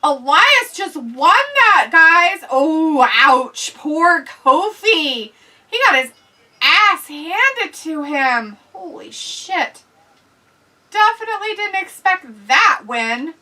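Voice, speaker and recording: A woman's voice: very high voice, big pitch swings, takes it slowly, pushed and bright, distant mic, low-quality recording. A woman hosting a casual live watch-along, chatting, laughing and reading viewer comments aloud. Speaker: livestream host reading chat.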